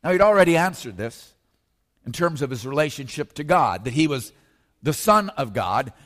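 A man preaching a sermon as pastor, slowing down and lifting his voice when he quotes scripture. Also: medium pitch, very animated, fairly bright tone. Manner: emphatic preaching, slows and rises on scripture. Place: church sanctuary. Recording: long reverb of a church hall.

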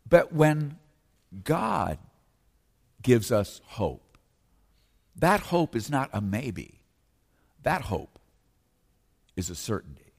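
A man preaching a sermon as pastor, slowing down and lifting his voice when he quotes scripture. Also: medium pitch, very animated, vocal fry. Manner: emphatic preaching, slows and rises on scripture. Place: church sanctuary. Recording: long reverb of a church hall.

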